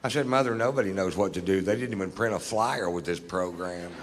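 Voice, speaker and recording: A male stand-up comedian telling jokes on stage in a dry, deadpan drawl, with plenty of profanity. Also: sits low, brisk. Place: theater stage. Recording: live show in a reverberant hall with audience noise. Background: audience laughter.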